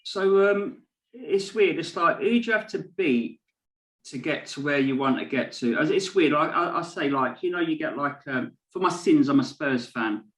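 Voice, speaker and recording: A man's voice: fairly high pitch, animated, normal speed, a bit bright. Male host, meandering questions, roomy echoey sound. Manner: rambling, hesitant questions with fillers. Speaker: podcast host. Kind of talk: casual podcast interview. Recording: echoey room.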